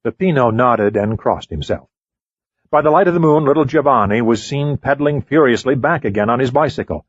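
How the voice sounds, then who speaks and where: Male audiobook narrator, husky, dry dull recording. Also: mid-range voice, a little fast, no echo. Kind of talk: scripted narration.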